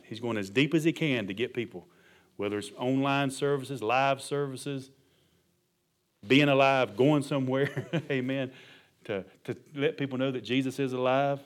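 A middle-aged male pastor preaching a sermon, emphatic and colloquial, punctuating his points with amen and hallelujah. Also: medium pitch.

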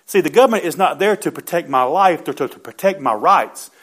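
Male pastor, middle-aged; fervent sermon delivery, frequent amens, surges to loud emphasis. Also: a little high, expressive, a little fast, slightly rough.

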